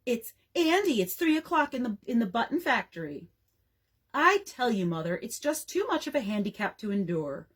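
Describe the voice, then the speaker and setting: A woman's voice: fairly high pitch, big pitch swings, moderate pace, husky. A woman reading aloud as an exasperated teenage girl who complains theatrically.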